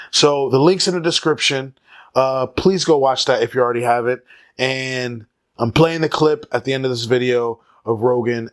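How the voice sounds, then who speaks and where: Male vlogger, casual commentary, rambling, filler-heavy, joking, average pitch. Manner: rambling, many fillers, jokey asides. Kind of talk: casual solo commentary to camera.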